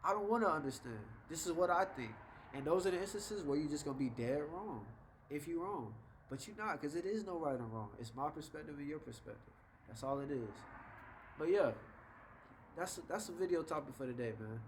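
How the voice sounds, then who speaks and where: Young guy chatting advice to camera, kinda higher voice, faint hiss behind. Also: animated, low-quality recording. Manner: laid-back, conversational, acts out quick example voices. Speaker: vlogger giving life advice. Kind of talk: casual advice monologue.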